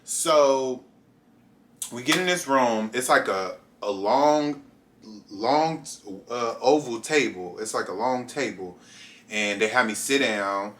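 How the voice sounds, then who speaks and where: A bright, forward-sounding young man in his twenties tells a casual storytime to camera. He talks straight to his viewers and keeps it animated, leaping up into high voices whenever he quotes someone. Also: takes it slowly. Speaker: vlogger.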